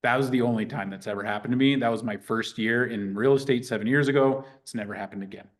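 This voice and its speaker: A man teaching a real estate class in a lively, conversational way, acting out sample phone calls. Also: medium pitch, fast. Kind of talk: teaching a live workshop.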